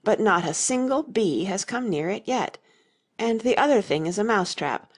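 A woman's voice: medium pitch, lively intonation, normal speed, voice pushed up. Woman doing a fussy old knight. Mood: earnest. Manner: earnest, anxious, solemn. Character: fussy, gentle old male knight inventor.

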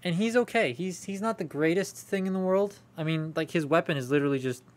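A man's voice: on the high side, brisk. A young man chatting casually as he unboxes toys on a live stream, rambling and talking to viewers. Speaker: toy collector streaming a haul unboxing.

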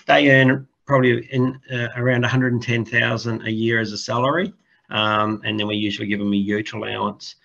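A man's voice: medium pitch, little pitch movement, a little fast, creaky, a bit bright. A man from Western Australia, a guest in a casual interview, easygoing and laughing often. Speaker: guest from a housing builder. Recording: dull lo-fi sound.

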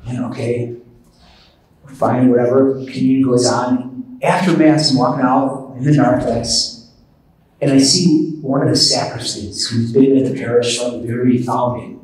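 A man, a priest, tells a story in a relaxed, self-deprecating way, with frequent asides. His voice sits at an ordinary pitch. It is heard from a distance in a big, echoing hall. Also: measured pace. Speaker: priest giving a retreat talk. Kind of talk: storytelling sermon. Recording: echoey hall, voice from far off.

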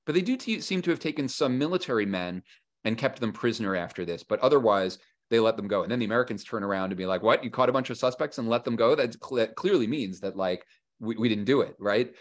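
A man's voice: medium pitch, animated, fast talker. A man being interviewed as a historian, talking casually and acting out what historical figures said, with frequent fillers and restarts. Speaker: historian and author guest. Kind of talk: conversational interview.

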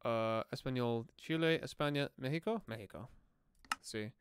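A young man streaming a game, joking at himself and trying out halting, clumsy Spanish. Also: mid-range voice, slight background noise. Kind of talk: casual gaming livestream chat.

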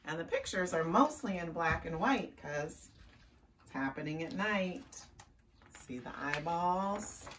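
A woman's voice: fairly low pitch, distant mic, slight background noise. A woman librarian reading a picture book aloud to young children, chatty and asking them questions. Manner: slow, lively and chatty with young listeners.

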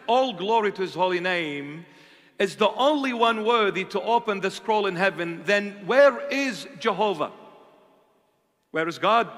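Preaching as a bishop in a church, a man with a voice that sits high gives an impassioned sermon full of rhetorical questions. His delivery swings from loud to hushed, and long church reverb colors the recording.

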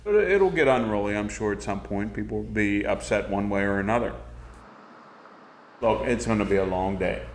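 A man's voice: lowish voice, moderate pace, a little hiss or hum. A man, a union official, speaking in a weary, matter-of-fact way, recorded in an echoey room. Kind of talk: documentary interview.

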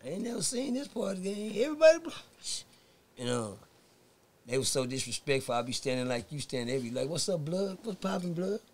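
A man's voice: medium pitch, fast. A man from Texas, a podcast guest telling a story in casual, profane talk, acting out the voices of the people in it. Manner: profane, animated, acts out voices in his stories.

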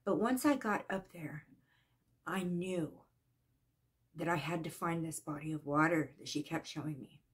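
A woman telling a personal story in a casual, earnest way, halting and shaken at times. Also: low voice. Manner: earnest, emotional, halting with restarts. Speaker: psychic vlogger.

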